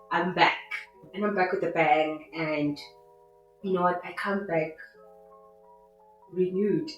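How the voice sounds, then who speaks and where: A woman hosting her own podcast in an excitable, rambling way, with faith-filled asides. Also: medium pitch. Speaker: podcast host. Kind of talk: casual solo podcast monologue. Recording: very echoey room with faint music.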